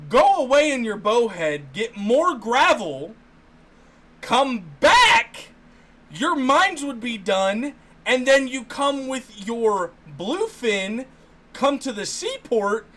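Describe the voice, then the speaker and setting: A man's voice: extremely high pitch, very animated, very slow, bright, forceful tone. A man co-hosting a gaming podcast, chatting casually and profanely, building up schemes step by step with hype. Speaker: podcast co-host.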